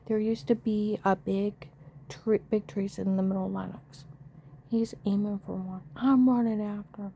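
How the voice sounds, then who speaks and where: A woman's voice: medium pitch, warm tone, a little hiss or hum. A middle-aged woman emotionally retelling a frightening family story, acting out the dialogue of the people involved. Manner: emotional, breathless retelling with frequent quoted dialogue. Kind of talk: personal testimony.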